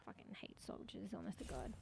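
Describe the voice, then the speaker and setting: A woman streaming a game, giving live commentary, cursing often and shouting callouts to teammates. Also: fast, a crowd in the background. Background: background music.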